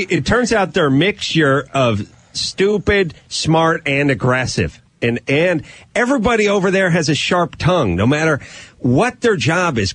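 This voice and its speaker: Sardonic radio host from North Hollywood. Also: male voice, mid-range voice, a bit bright. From North Hollywood, Los Angeles. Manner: sardonic riffing rants. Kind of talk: casual radio chat. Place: radio studio.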